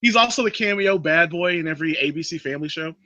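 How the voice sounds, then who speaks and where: A man hosting a casual chat, recapping a film plot as an animated storyteller. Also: fast, no echo, lo-fi sound. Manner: animated storyteller, drops into a creepy low voice for quotes. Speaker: podcast host recapping a movie.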